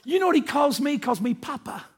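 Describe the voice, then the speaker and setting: A man's voice: very high-pitched, animated, quick pace. An older man preaching a sermon, emphatic and calling out to his congregation, mixing scripture reading with personal stories. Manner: storytelling with quoted dialogue. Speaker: pastor.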